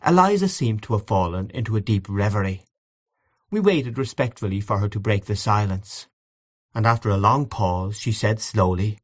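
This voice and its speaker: A man narrating a literary short story as an audiobook, in a measured, storytelling manner. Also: lowish voice, expressive.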